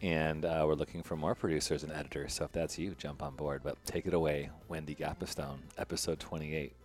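A man's voice: rumbling low, steady tone, brisk, soft background music. A man hosting a podcast in a casual, joking, rambling way, often laughing. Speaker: podcast host. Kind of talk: casual chat and interview.

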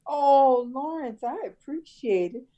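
An older woman chatting with her son in a family interview, reminiscing in a warm, teacherly way and laughing easily. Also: high voice, expressive, slow pace, dull audio. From Chicago area. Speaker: interviewee, mother of the host.

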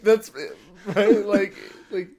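A man's voice: high-pitched, flat delivery, extremely slow, muffled recording, a crowd in the background. A man co-hosting a casual podcast, rambling with false starts and frequent laughter. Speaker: podcast co-host. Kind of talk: casual chat.

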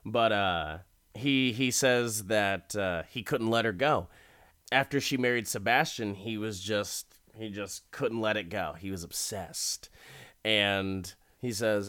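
Male recapper, laid-back and wry, slow with lots of fillers. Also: on the low side, a bit bright, clean tone, no room sound, studio quality. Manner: rambling and wry, heavy with fillers. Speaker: show recapper. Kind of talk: casual show recap.

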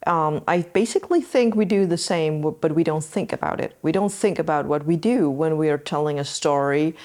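Low-voiced woman explaining earnestly. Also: brisk, darkish tone. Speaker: podcast host. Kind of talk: casual talk to listeners.

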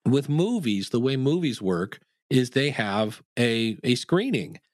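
Animated podcast coach, dry sound. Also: male voice, medium pitch, unhurried, dry recording. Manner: animated storyteller, acts out quoted people. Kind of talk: interview answers.

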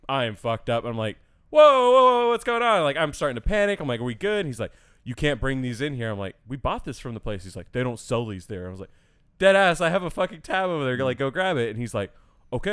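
A man's voice: mid-range voice, fast talker, no room sound, studio quality. A young man telling stories in casual chat, swearing freely and acting out the people in them. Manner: profane, animated storyteller, acts out voices.

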